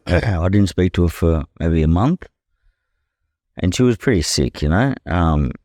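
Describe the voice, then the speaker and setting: A young Australian man with a very deep, low-pitched voice and a dark, mellow tone. He tells his story as a podcast guest in plain, blunt language, swearing freely and leaning on "you know" after most phrases. The recording is dry and close, with no room sound. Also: lively intonation, a little slow, dry recording. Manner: blunt and profane, leans heavily on "you know". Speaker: podcast guest, professional boxer. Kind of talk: candid conversational storytelling.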